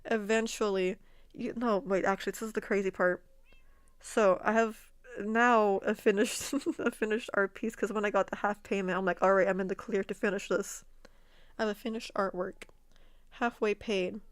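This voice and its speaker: A woman streamer and artist telling a story to her chat in a casual, animated way, laughing often and repeating words. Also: medium pitch, normal speed, clean tone, dry recording. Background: faint background music.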